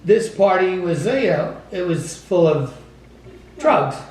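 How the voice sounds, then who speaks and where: A man's voice: high-pitched, lively intonation, measured pace, a little mellow. A man hosting a casual chat, prompting his guest's story and laughing along. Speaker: host. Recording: echoey room, distant mic.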